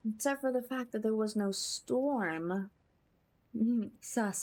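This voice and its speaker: A woman's voice: a little high, slow, mellow. A woman streaming a story game, chatting and giggling with her chat as she plays. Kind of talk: casual game commentary. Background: game music.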